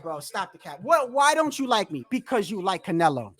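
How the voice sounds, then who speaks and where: Male boxing streamer, high voice, loose profane storytelling, rambles. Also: big pitch swings, a little fast, fairly bright tone. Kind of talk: casual livestream storytelling.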